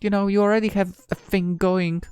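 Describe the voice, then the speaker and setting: A tired, yawning man reading a visual novel aloud, breaking off into relaxed, mumbled casual asides. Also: sits high, a little fast, smooth, no room sound, faint music behind.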